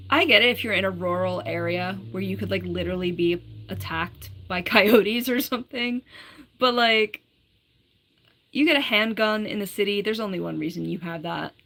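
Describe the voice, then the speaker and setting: A livestreamer with a fairly low, gravelly yet fairly bright voice hosts her own stream. She chats casually, reads out viewer comments, giggles often and says "like" a lot.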